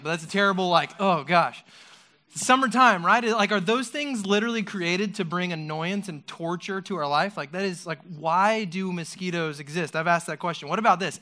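A man giving a casual youth sermon, chatty and animated, with many rhetorical questions and fillers. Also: sits high. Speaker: youth pastor.

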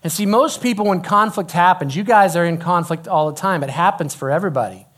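A middle-aged man giving a sermon, an animated storyteller who drops to a hushed voice when quoting dialogue. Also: sits high, fairly quick. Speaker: youth pastor.

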